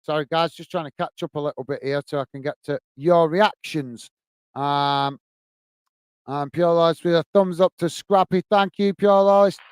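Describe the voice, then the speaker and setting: A man from the UK, voice on the high side and clean at a normal pace in a dry recording, hosts a football fan stream. He reads out live chat messages, thanks viewers by name as mate, and is occasionally flustered when his computer lags.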